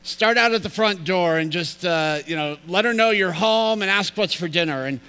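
A man playing a calm, helpful family doctor giving advice in a sermon joke. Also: high-pitched, moderate pace, clean tone, long reverb tail. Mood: advising.

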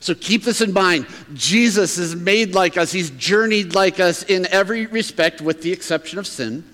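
A man's voice: sits high, normal speed, fairly bright tone, in a large hall. A male pastor preaching a sermon, reading Scripture and then talking to the congregation in a conversational way, asking them questions. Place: church sanctuary.

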